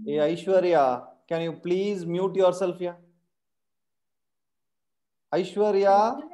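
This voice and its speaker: A man's voice: high voice, steady tone, takes it slowly, warm tone. A man with an Indian English accent teaching a live online programming class, who keeps quizzing his students with repeated questions and tag questions. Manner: calls his class "my dear friends".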